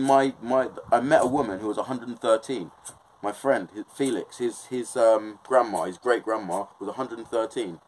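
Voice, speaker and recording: A man's voice: medium pitch, a little hiss or hum, poor audio. A young man with an English accent in a casual, impassioned monologue, swearing a lot and often checking that he is understood. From England. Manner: impassioned, swears often, keeps asking "do you know what I mean".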